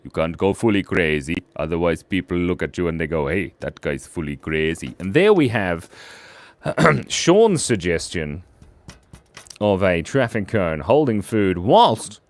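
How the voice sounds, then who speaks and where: Drawing what his viewers suggest, this live-stream host keeps up goofy, playful banter with the chat. His voice is on the low side, and the recording is dry.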